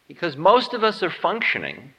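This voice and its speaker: A man's voice: sits high, wildly swooping pitch, normal speed, fairly bright tone. A man giving a humorous spiritual lecture in a musing, wry, self-mocking way. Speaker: spiritual teacher. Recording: dull lo-fi tape in reverberant hall.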